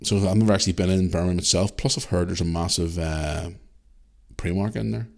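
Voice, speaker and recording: Man, Northern Irish accent, middle-aged, podcast host, rambling casual chat, fairly low voice. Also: steady tone, fairly quick, creaky, darkish tone. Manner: chatty and rambling, reading out listener messages.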